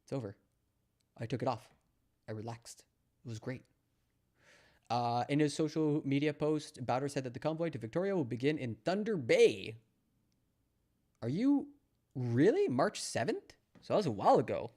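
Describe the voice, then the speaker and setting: A man's voice: mid-range voice, very animated, normal speed, pauses often, a little mellow. A young man from Canada commenting casually on news clips, sarcastic and mocking, rambling with lots of fillers. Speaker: streamer reacting to news clips.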